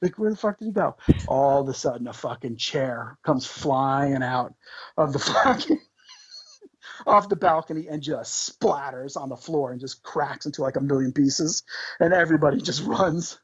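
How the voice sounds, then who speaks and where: A man, a podcast guest, telling tour stories in an animated, swearing, laughing way. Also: mid-range voice, moderate pace, husky, no room sound, highs cut off. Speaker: podcast guest, band member. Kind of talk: casual storytelling.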